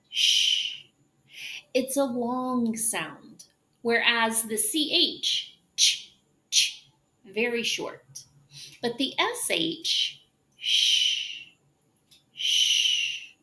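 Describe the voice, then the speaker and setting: A woman teaching English pronunciation, demonstrating sounds slowly and drawing out hushing noises. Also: a little high. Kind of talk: pronunciation lesson.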